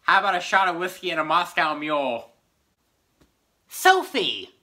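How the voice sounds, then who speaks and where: A woman's voice: lowish voice, big pitch swings, normal speed, sharp tone. A young woman acting in an amateur stage comedy as a blunt, demanding older woman, speaking in a brash, bossy way. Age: young adult. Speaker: student actor.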